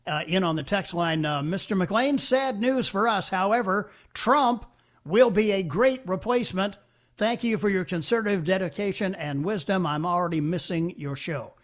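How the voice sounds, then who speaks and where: An older man hosts a call-in radio show, his voice sitting a little high. He speaks haltingly, full of uhs and restarts. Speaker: talk radio host.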